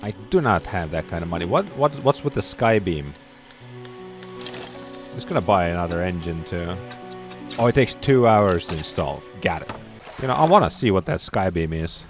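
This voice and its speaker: Excitable man reacting to a spooky game. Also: sits low, moderate pace, soft background music. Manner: excitable, swears, shouts when startled. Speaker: gameplay streamer. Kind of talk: reactive gameplay commentary.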